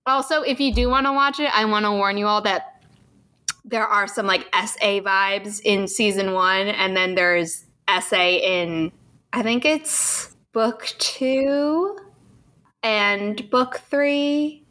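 A woman co-hosting a podcast, talking in a passionate, opinionated way with animated rants. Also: medium pitch, takes it slowly. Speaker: podcast co-host. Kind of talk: casual chat.

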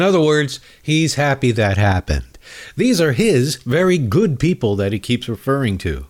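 A man's voice: mid-range voice, big pitch swings, normal speed. A man hosting a talk show, delivering a sarcastic, angry monologue. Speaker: radio show host.

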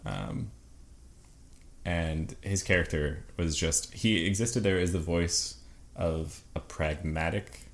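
Deep-voiced male podcast co-host, casual and eager, laughs a lot, lots of fillers. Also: steady tone, takes it slowly. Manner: enthusiastic, laughs often, many fillers. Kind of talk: casual gaming chat.

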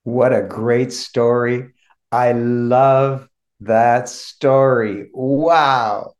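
A man hosting a podcast, telling a story in a measured, descriptive way. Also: medium pitch, fairly even intonation. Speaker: podcast host. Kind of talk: conversational storytelling.

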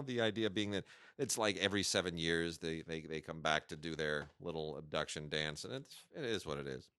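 A man's voice: lowish voice, fairly bright tone, clear, resonant tone, no echo. A man co-hosting a podcast, casually reviewing films with wry, dry asides. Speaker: podcast co-host, film reviewer.

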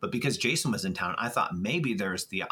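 A man co-hosting a podcast, telling his side in an easygoing, halting way during casual chat. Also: fairly low pitch, lively intonation, bright, forceful tone, slightly rough. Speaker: podcast co-host.

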